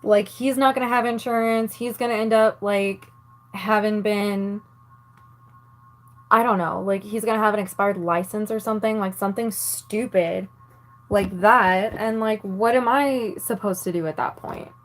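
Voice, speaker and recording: A woman's voice: medium pitch, steady tone, normal speed, faint music behind. Annoyed woman venting to camera. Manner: exasperated, swears a lot, filler-heavy; talks while doing her makeup. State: angry and annoyed. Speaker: vlogger. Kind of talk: casual rant to camera.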